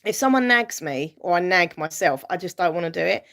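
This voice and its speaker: A woman's voice: on the low side, expressive, a little fast, gravelly, fairly bright tone. A woman casually chatting on a live stream, reading viewer comments aloud and answering them, rambling with fillers and light laughs. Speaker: YouTuber hosting a live stream.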